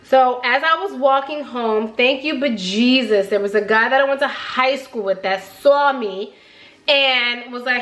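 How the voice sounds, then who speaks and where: A woman's voice: a little high, unhurried. Blunt New woman telling stories. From New Jersey. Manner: blunt, profane, slangy, animated retelling. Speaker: beauty vlogger. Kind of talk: casual storytelling while doing makeup.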